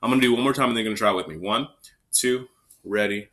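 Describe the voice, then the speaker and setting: A man's voice: lowish voice, fast, a bit bright. A man teaching an elementary recorder lesson, counting students in and calling out note names step by step. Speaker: music teacher.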